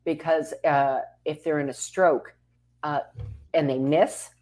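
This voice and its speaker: A woman with a low, voice co-hosts a relaxed talk show. She chimes in often with short agreements and adds her own practical tips. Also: takes it slowly. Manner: supportive, frequent affirming interjections. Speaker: co-host. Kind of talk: casual talk show chat.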